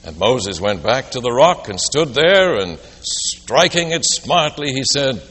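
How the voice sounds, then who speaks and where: A man's voice: medium pitch, very animated, measured pace, few pauses, a bit bright, husky. A man preaching a sermon, telling a story and posing rhetorical questions. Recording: long reverb of a large hall.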